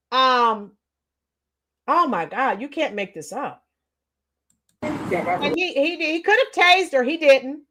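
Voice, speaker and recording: A woman's voice: high-pitched, a bit bright. A woman giving scornful, sarcastic reaction commentary on bodycam footage.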